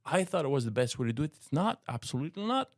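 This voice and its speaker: A man's voice: a little high, sing-song, racing, no echo, studio quality. A middle-aged man from France with a French accent, co-hosting a faith podcast and speaking earnestly, often repeating words as he searches for phrasing. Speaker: co-host, apologetics teacher. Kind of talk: casual podcast discussion.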